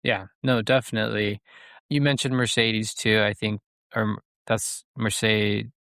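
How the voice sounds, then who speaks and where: A man with a fairly low voice co-hosts a casual film podcast. He thinks aloud, halting and filling gaps with small words as he works out his points. The recording is dry and close. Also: fairly even intonation, fairly bright tone, clear, resonant tone, no echo. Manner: halting, filler-heavy, thoughtful. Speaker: podcast co-host.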